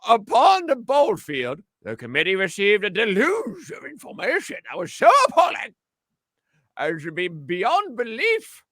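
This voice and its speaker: A man putting on an old-timey announcer voice, reading an old notice slowly and grandly. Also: fairly bright tone, no echo, exaggerated voice. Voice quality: theatrical, slow, booming.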